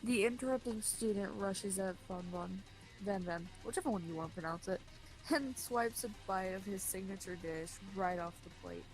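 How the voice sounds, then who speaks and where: A woman with a mid-pitched voice reads a dating game aloud for friends, adding amused comments. Faint music sits behind her. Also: moderate pace, darkish tone, rough recording. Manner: amused, wry asides. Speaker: narrator of game playthrough. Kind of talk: reading a visual novel aloud.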